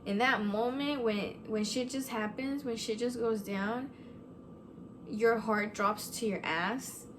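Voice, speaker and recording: A woman telling a ghost story in a casual storytime vlog, animated, full of "like" and swearing freely. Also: a little high, slow pace, noisy background. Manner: animated, swears, lots of "like" fillers. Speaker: vlogger.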